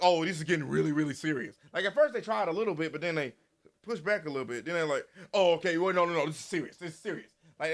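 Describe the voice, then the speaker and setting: A man giving casual, animated commentary, repeating himself and swearing freely. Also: a little high. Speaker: commentary channel host.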